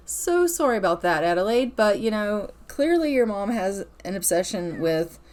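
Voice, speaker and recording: Woman, gaming host, casual let's-play narration, chatty, playful, medium pitch. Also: big pitch swings, a little slow, a little mellow. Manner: chatty, playful, laughs often.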